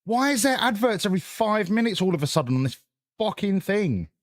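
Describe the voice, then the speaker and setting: Guy streaming, swears a lot, sarcastic mock lectures, bouncy voice on the high side, dry close mic. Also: very animated, a little fast, dry recording. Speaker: streamer chatting with viewers. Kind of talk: casual live-stream chat.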